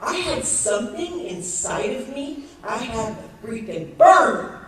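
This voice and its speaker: A woman in her sixties telling a lively story on stage and acting out the people in it, laughing often. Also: a little high, slow pace. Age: 60s. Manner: animated storytelling, acts out quoted voices, laughs often. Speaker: network marketing speaker. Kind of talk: motivational talk on stage. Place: large event hall with audience. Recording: echoey hall, distant mic, crowd noise.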